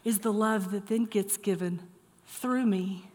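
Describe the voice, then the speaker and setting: A middle-aged woman preaching a sermon, moving from lively storytelling to soft, earnest encouragement. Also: mid-range voice, unhurried. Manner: animated storytelling, then soft earnest exhortation. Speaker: pastor. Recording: long hall reverb.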